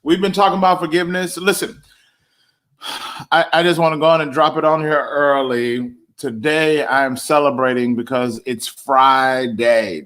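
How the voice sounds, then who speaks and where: A man's voice: medium pitch, animated, normal speed, fairly bright tone. Emphatic man preaching in slangy casual talk. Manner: emphatic, repeats phrases, slangy. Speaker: host and preacher.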